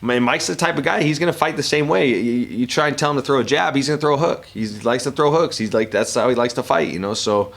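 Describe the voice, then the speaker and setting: A man's voice: mid-range voice, quick pace, creaky, few pauses, a bit bright. A man answering reporters' questions at a media session, talking casually with many restarts and frequent laughter. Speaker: professional fighter and analyst.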